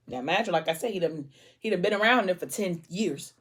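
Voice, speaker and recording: A woman vlogger chatting casually on camera and retelling a novel's plot in an animated way, acting out the characters' lines. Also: fairly low pitch, quick pace, breathy edge. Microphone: camera mic.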